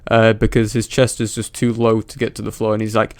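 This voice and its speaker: Flat, mocking male reaction commentator. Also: fairly low pitch, brisk, no echo, studio quality. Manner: mocking, profane, flat delivery.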